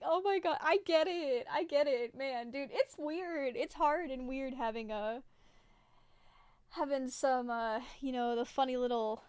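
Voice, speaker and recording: A woman's voice: high-pitched, clean tone, no room sound. Giggly, rambling young woman streamer. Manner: rambling and giggly, many fillers like "like". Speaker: livestreamer. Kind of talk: casual chat with live viewers.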